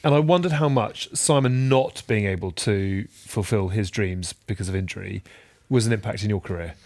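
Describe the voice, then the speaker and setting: A man's voice: on the low side, normal speed, darkish tone. A man hosting a podcast, steering the chat with short interjections and questions. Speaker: host.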